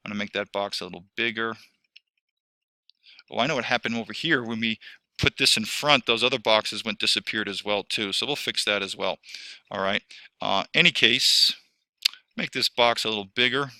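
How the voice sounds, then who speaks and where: A man's voice: fairly low pitch, normal speed, pauses often, sharp tone, no room sound. A man teaching a screen-recorded lesson, rambling and correcting himself as he talks through each step.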